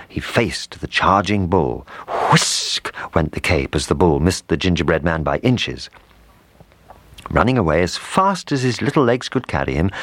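A man reading a children's storybook aloud, in an animated, expressive way. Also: deep voice, no room sound. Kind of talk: storybook narration.

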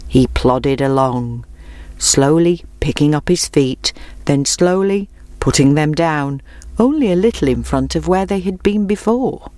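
A woman narrating a children's storybook in a clear, measured storytelling manner. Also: low-pitched, expressive, mellow, no echo. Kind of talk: storybook reading.

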